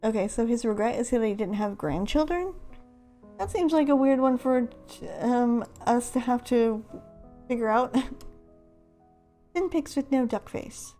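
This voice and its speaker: Woman gamer, chatty and self-deprecating, mellow higher voice, casual running commentary. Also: takes it slowly, pauses often, soft background music. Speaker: let's-play host.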